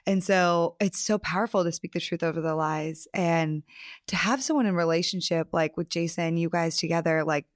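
Woman host, lowish voice, dry close sound, affirming conversational interviewer. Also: normal speed, dry recording. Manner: affirming, frequent soft "mm" and "yeah". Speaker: podcast host.

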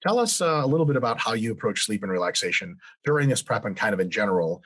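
A man's voice: fairly low pitch, sing-song, quick pace, fairly bright tone, breathy edge. A man hosting a podcast interview, talking casually with joking, profane asides. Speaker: podcast host.

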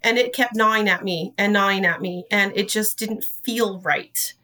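A woman's voice: medium pitch, normal speed, sharp tone, recorded from a distance. A woman who directs a dance studio, telling her story as an interview guest in an earnest, emotional way. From Idaho.

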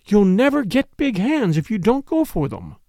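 A man's voice: high-pitched, huge pitch swings, moderate pace, no room sound, studio quality, pitched above the performer's own voice, exaggerated voice. A man voicing a bossy, opinionated middle-aged woman who lectures everyone in an insistent, scolding way.

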